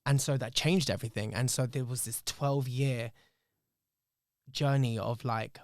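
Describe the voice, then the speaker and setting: Guy on a podcast, emotional, reflective, swears a lot, mid pitch, dry close mic. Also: steady tone, a little slow, no echo. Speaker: podcast host. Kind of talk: candid podcast storytelling.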